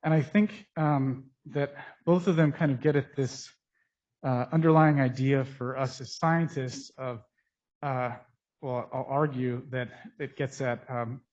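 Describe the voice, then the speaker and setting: Male scientist at a conference mic, mid-pitched, halting and technical, dull muffled sound through a mask. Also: fairly even intonation, darkish tone. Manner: technical, halting with frequent pauses. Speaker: scientist presenting research. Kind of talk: conference lecture. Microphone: speaking into a mic.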